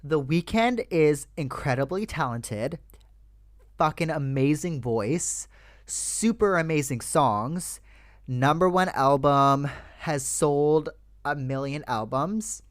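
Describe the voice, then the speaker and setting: A young adult podcast host speaks directly to listeners, calling them "you guys," in a loose, heated rant full of casual swearing. The chat is personal and solo, delivered slowly at medium pitch. The recording is dry and close, with no room around the voice.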